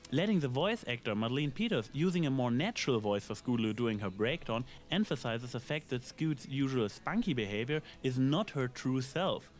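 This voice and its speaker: A man with a mid-range voice reads a scripted episode review, measured and analytical, dropping in dry asides. Faint music plays in the background.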